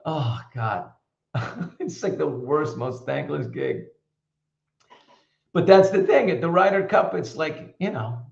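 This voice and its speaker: A man's voice: on the low side, muffled recording. Chatty man telling stories, echoey room. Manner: chatty storyteller, animated and opinionated. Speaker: host. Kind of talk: casual live show chat. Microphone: computer mic.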